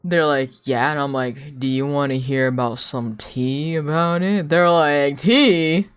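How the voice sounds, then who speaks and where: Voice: mid-range voice, fairly even intonation, unhurried, clean tone, faint music behind. Gossipy young streamer spilling a story. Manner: gossipy storytelling, acting out quoted people with gasps; filler-heavy, many "like"s. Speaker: live streamer. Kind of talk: casual chat while drawing on stream.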